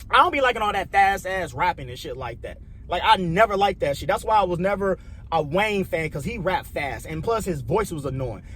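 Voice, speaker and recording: A young Chicago vlogger with a Chicago accent delivers a loose, profane opinion rant that rambles and repeats itself. His voice is high-pitched with a fairly bright tone.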